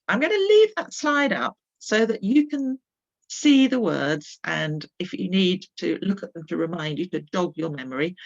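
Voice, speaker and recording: Female teacher, lowish creaky voice, lively and encouraging, dull lo-fi recording. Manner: patient, encouraging, models phrases slowly. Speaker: primary school teacher. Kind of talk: recorded remote lesson.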